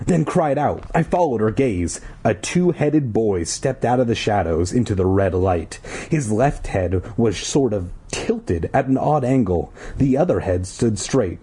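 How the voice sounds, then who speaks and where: A man with a husky voice reads a spooky children's book aloud. His pitch moves a lot as he narrates, and he breaks off for offhand, joking asides. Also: warm tone. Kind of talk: reading a storybook aloud with casual asides.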